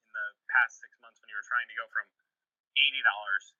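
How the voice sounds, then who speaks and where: Bright-voiced man hosting, lo-fi call. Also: on the low side, steady tone, a little fast, no room sound. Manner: guiding, asks follow-ups, laughs easily. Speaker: host. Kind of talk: live-streamed interview.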